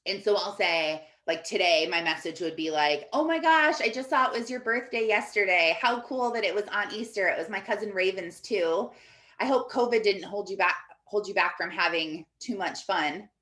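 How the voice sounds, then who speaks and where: A woman's voice: mid-range voice, normal speed, a bit bright. Chatty woman coach in an echoey room. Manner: chatty, fills with "like". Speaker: Christian life coach. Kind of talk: casual coaching talk to her team. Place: office.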